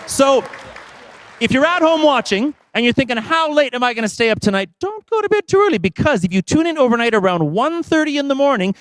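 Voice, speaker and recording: Animated high-voiced male telethon host. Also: no echo. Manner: chatty, reads announcement notes. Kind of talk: live telethon presenting.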